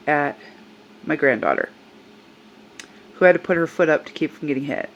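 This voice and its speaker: A woman's voice: low-pitched, animated, moderate pace, long pauses, poor audio. An older woman tells a personal story in a vlog, earnest and upset as she recounts what happened. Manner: upset, earnest retelling with quoted voices. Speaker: service dog handler.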